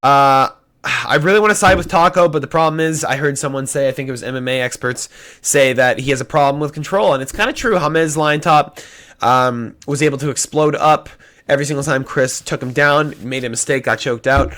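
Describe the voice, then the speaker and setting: Indecisive, foul-mouthed young man with a bright voice. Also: medium pitch, a little fast. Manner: indecisive, swears often, flips picks. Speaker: MMA prediction YouTuber. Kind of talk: casual solo prediction talk.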